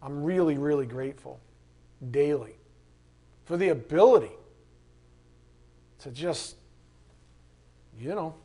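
A man's voice: a little high, slow pace, pauses often, warm tone, breathy edge. A man leading a Bible study, reading passages aloud and adding earnest, casual asides. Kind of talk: conversational Bible teaching.

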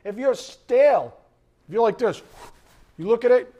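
A middle-aged man preaching a sermon as pastor, animated, acting out quoted voices and sometimes shouting. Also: very high voice, moderate pace, long pauses.

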